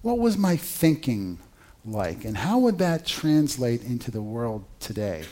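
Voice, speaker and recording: A male pastor preaching a sermon in an animated, conversational way, with rhetorical questions to the congregation. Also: mid-range voice, a little slow.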